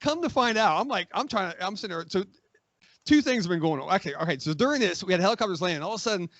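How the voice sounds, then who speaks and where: Profane storytelling man, higher voice. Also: very fast, no echo, muffled recording. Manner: profane, animated, acts out quoted voices. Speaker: guest, magazine editor. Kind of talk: casual storytelling, war anecdote.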